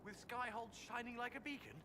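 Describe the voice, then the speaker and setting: An actor playing a brisk, proud male steward in a video game, formal and wry in manner. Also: very high-pitched, fairly even intonation, bright, forceful tone, a little hiss or hum.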